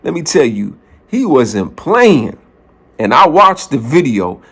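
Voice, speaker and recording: A man's voice: fairly high pitch, sing-song, unhurried. A man from the Bronx, talking in a casual opinion vlog and hammering his points with repeated phrases. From New York, the Bronx. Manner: emphatic, repeats phrases for punch. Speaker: vlogger.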